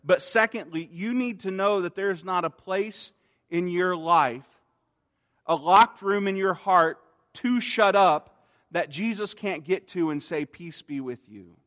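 A man delivers an earnest sermon in a fairly high voice. He eases soft and slow on quoted words. The sound carries a long reverb, as in a large church hall. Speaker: pastor.

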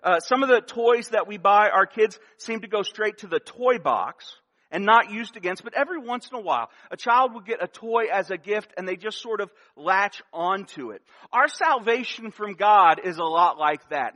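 A man's voice: high-pitched, sharp tone. A man preaching a sermon as pastor, earnest and emphatic, repeating key phrases for weight, recorded in a church sanctuary. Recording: long hall reverb.

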